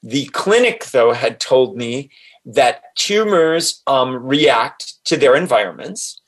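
Excited man telling his story. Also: mid-range voice, takes it slowly. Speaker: guest, author. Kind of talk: personal storytelling.

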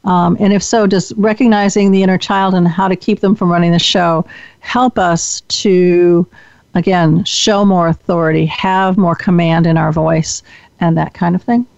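A woman's voice: lowish voice, fairly even intonation, moderate pace, creaky, a little mellow, dry recording, dull audio. A woman hosting an interview, summarizing and affirming her guest's points in a reflective way. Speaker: host.

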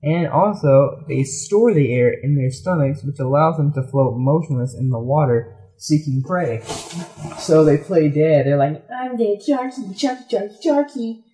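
Male host of a kids' radio show: rambling, casual, fairly high voice with a dull, dark tone, in a roomy-sounding room. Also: unhurried. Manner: rambling, loose, full of "like". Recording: roomy echo.

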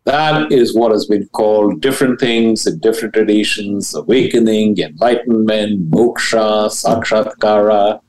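A man, a spiritual teacher and guest, explaining ideas in an animated, emphatic way with blunt, casual wording and big swoops in pitch. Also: unhurried, few pauses, rough recording. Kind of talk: animated interview talk about spirituality.

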